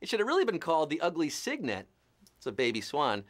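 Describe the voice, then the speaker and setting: High-voiced punning quiz host man. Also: wildly swooping pitch, quick pace. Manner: punning, joking, playful. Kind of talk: live game-show hosting.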